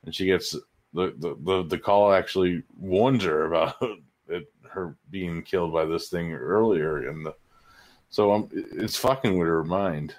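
A man's voice: deep voice, unhurried. A man co-hosting a casual podcast, profane and laughing easily as he talks. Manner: laughs while talking, profane. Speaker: podcast co-host. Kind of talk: casual chat.

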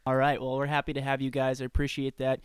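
Clear-voiced joking male host. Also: mid-range voice, monotone, quick pace, no echo, clean studio sound. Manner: punning, playful patter. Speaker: podcast host. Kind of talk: jokey casual interview.

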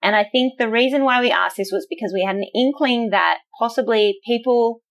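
A woman co-hosting a podcast who carefully explains survey findings in a measured way, with light laughs. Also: on the high side. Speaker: podcast co-host with a research doctorate. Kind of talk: casual podcast chat explaining survey data.

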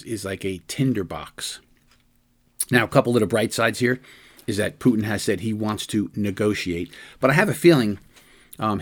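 Middle-aged man, political commentary, lowish voice, rhetorical questions, stumbling restarts. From United States. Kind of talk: opinion monologue.

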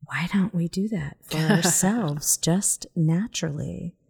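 A woman's voice: on the low side, slow, vocal fry, darkish tone, breathy edge. A woman with a Southern accent co-hosting a podcast, talking casually and earnestly, sometimes dropping to a whisper. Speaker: podcast co-host. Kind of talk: casual chat.

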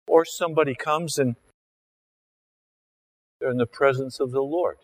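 A man's voice: mid-range voice, a little slow, pauses often, rough recording. A male pastor preaching a conversational sermon, acting out scenes as he talks. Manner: conversational, acts out scenes with his body and voice.

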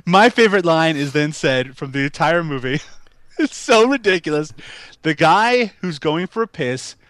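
Male podcast co-host, higher voice with a lot of swing, dry close sound, animated recapping. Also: normal speed, dry recording. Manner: animated storytelling, laughs often. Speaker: podcast co-host reviewing a film. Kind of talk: casual chat.

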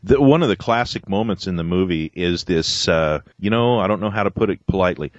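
A man's voice: sits low, animated, fairly quick, dry recording, highs cut off. A man hosting a casual podcast interview, chuckling and searching for words. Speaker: podcast host.

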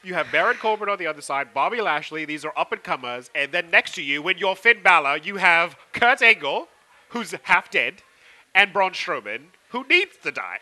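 A man co-hosting a podcast, chatting about wrestling in a sarcastic, animated way. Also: high voice, moderate pace. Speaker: podcast co-host. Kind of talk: casual wrestling chat.

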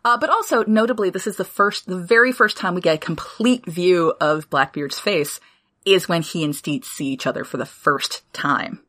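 A woman co-hosting a podcast, recapping a TV series in casual chat with swearing and quick asides. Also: lowish voice, fairly bright tone. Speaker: podcast co-host.

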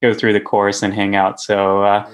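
A man speaking as a physician guest on a medical podcast, relaxed and friendly. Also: fairly low pitch, moderate pace, over music. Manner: laid-back and friendly, says "dude". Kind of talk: casual medical podcast chat.

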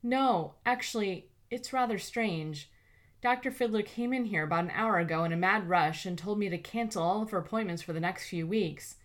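A woman voicing a tentative, flustered young receptionist in an audiobook, a little higher than her own voice. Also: normal speed, close to an everyday voice. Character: Lindsay, anxious young female receptionist. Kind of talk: audiobook character voice.

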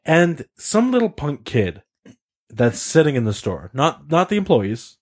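A man's voice: a little high, sing-song, measured pace. A young man telling a story in casual chat, acting out quotes and swearing often. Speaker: podcast co-host telling a story.

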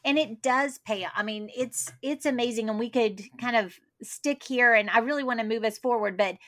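A woman's voice: a little high, moderate pace. A middle-aged woman hosting a homeschooling podcast, speaking in an encouraging, faith-minded way. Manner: warm encouraging, faith-based. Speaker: podcast host. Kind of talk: podcast interview.

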